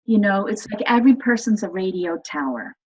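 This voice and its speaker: Husky woman explaining with enthusiasm. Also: mid-range voice, animated, fairly quick, darkish tone, poor audio. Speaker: guest expert on voice and energy healing. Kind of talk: casual interview explanation.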